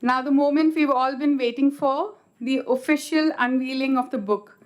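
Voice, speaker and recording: A woman's voice: sits high, normal speed, darkish tone. A woman acting as emcee, making polite, formal introductions. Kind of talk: scripted event announcing.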